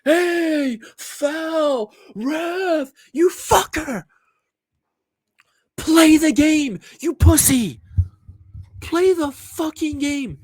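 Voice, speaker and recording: A shrieking, whining young footballer who cries to the ref at every touch and curses in a squealing voice, as a man puts him on. The voice is pitched far above a normal man's and sounds dry and close. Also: expressive, extremely slow, pauses often, darkish tone, dry recording, heavily acted. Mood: whiny. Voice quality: high shrill whine. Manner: crude, cursing, mocking. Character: whiny shrieking young male footballer crying for fouls.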